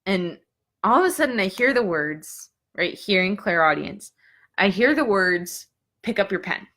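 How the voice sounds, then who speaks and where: A young adult woman telling a personal story in casual talk, acting out her own past words with sudden high jumps and hushed whispers. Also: very animated, measured pace. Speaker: psychic Q&A host.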